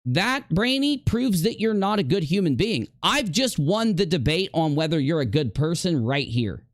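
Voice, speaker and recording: A man's voice: a little high, sing-song, moderate pace, dry recording, clean studio sound. A man streamer in a heated livestream rant, confrontationally addressing a rival directly.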